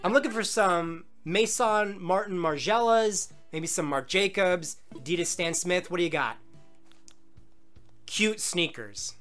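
A man giving excitable, jokey commentary on his gameplay and chatting back at the game characters. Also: high-pitched, a little slow. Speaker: gaming video host. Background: faint game music.

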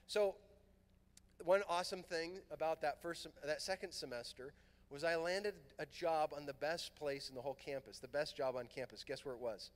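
High-voiced man telling a story in a big hall. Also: normal speed. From Southern California. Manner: animated, acts out quoted dialogue. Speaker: priest and conference speaker. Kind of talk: storytelling talk to a youth conference. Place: large fieldhouse hall. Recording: long hall reverb.

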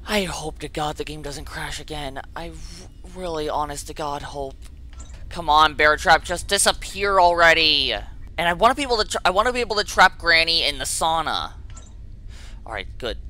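A man commenting on a horror game he is playing, swinging from quiet muttering to frustrated yelling and reading notes aloud. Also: fairly high pitch, animated, slight background noise. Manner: reads an in-game note aloud haltingly. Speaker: gameplay video host.

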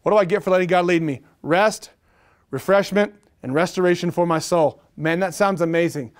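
A middle-aged male pastor preaching a sermon, animated and repetitive, asking the room questions. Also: high-pitched, fairly quick, clean tone. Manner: animated preaching with repeated phrases and rhetorical questions.

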